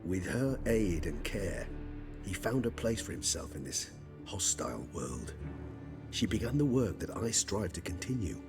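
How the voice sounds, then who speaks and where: A courtly, measured vampire. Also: male voice, deep voice, big pitch swings. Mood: grave. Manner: formal, articulate and measured. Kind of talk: video game voice acting. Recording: game audio with loud music under it.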